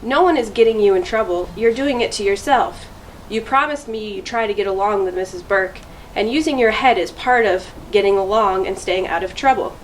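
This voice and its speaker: A woman's voice: mid-range voice, brisk, slight background noise, close to an everyday voice, rough recording. A woman reading aloud as a tired father firmly lecturing his son in a storybook. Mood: stern. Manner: firm, serious lecturing. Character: stern tired father of a boy.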